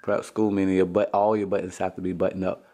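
A father hosts a casual family vlog at home, teasing his kids with profane jokes and laughing a lot. His voice is low and mellow, level in tone, and he talks fast.

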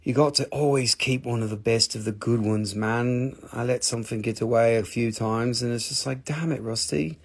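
Gravelly, joking live-stream rock seller. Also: male voice, medium pitch, normal speed, hardly any pauses. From Appalachian Valley, United States. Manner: joking, swearing, rambling and animated. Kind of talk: casual live sales stream.

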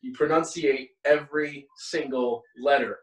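A man's voice: medium pitch, steady tone, unhurried. A man co-hosting a casual podcast, easygoing, chuckling and restarting his sentences. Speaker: podcast co-host. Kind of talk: casual chat. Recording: roomy audio from far off the mic.

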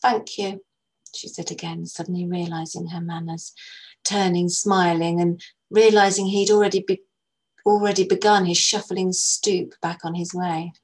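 Husky, low-voiced woman reading a story. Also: level tone, rough recording. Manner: gentle, measured reading. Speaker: narrator, actress reading a story. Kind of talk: storybook narration.

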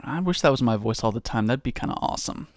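A man's voice: mid-range voice, animated, fast, dry recording, studio quality. A man answering viewer questions in a casual, rambling, self-mocking way. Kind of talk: casual Q&A monologue.

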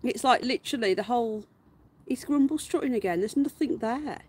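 A woman's voice: fairly high pitch, a little fast, a little mellow, husky. A woman hosting a live stream from her garden, chatting casually, greeting viewers by name and calling out to her pets. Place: garden outdoors.

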